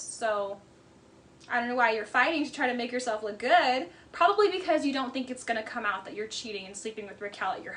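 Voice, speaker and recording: A woman talks through a reality show in a loose, blunt, chatty way, leaning on "like" and "you know". Her voice sits high for a woman. Faint background noise is under her voice. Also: bright, forceful tone. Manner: chatty, blunt, says "like" a lot. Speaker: reality TV commentator. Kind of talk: casual commentary.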